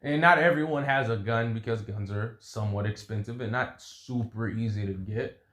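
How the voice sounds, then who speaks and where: A man's voice: on the low side, normal speed, reverberant, background noise. A young man casually improvising a story, rambling and making vocal sound effects.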